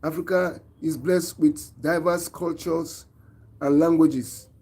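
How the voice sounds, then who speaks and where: A man's voice: fairly high pitch, fairly even intonation, takes it slowly, darkish tone, slightly rough. A man with a Nigerian accent, hosting an online show and giving an earnest, preachy opinion monologue, often asking his viewers questions.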